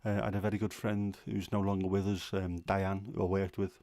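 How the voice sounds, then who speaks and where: A man with a lilt talks in a fairly low voice, chatting his way through a relaxed livestream. He rambles a little and is openly opinionated, and he often pauses with an "um." The sound is close and dry, with no room echo. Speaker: livestream host. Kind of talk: casual livestream chat.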